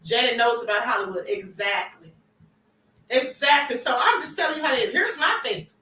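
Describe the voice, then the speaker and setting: High, bright-voiced woman gossip host. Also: moderate pace, echoey room, far from the mic, rough recording. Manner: animated, emphatic, repeats points. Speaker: livestream host. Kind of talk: celebrity gossip commentary.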